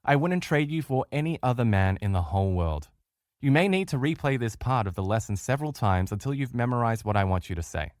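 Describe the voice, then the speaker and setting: A man's voice: mid-range voice, expressive, brisk, darkish tone, dry recording, clean studio sound. A man teaching a recorded relationship lesson, talking straight to listeners and acting out the quoted voices of others. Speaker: relationship course instructor.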